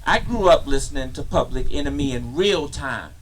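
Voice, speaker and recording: A man performing a spoken word poem at an outdoor park gathering, rhythmic and impassioned, rising at times to shouts. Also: medium pitch, expressive, moderate pace, slight background noise, low-quality recording.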